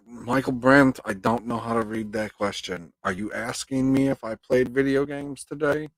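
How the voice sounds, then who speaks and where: A man's voice: mid-range voice, steady tone, moderate pace, few pauses, no room sound, rough recording. A man hosting a live stream, chatting casually with his viewers and reading their comments aloud, swearing freely and drifting into rambling rants. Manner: profane, rambling, ranting.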